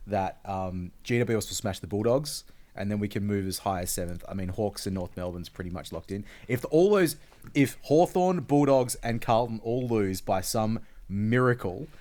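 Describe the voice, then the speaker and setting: A man's voice: fairly low pitch, expressive, normal speed, warm tone. A man with an Australian accent, co-hosting a podcast in laid-back, rambling casual chat. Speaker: podcast co-host.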